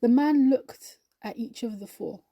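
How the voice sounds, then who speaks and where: A woman reads a story aloud, slow and measured. Her voice sits a bit high but sounds mellow and warm. The sound is close and dry. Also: no room sound. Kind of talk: scripted story narration.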